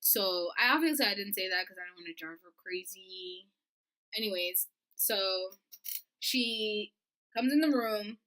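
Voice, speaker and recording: A young woman telling a storytime vlog, animated and profane, acting out the dialogue. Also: mid-range voice, measured pace, slight background noise, rough recording. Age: young adult. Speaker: vlogger.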